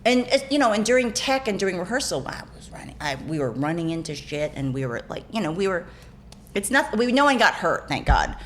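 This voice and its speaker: Low-voiced woman telling rambling stories. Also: big pitch swings, a little fast, slight background noise. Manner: rambling, self-correcting, laughing storyteller. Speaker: actor guest. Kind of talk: casual interview chat.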